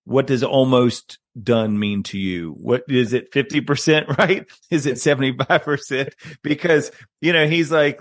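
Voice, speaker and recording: A man's voice: medium pitch, a little slow, hardly any pauses. A man hosting a podcast, reflecting on a point in casual conversation and speeding up as he builds his thought. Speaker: podcast host.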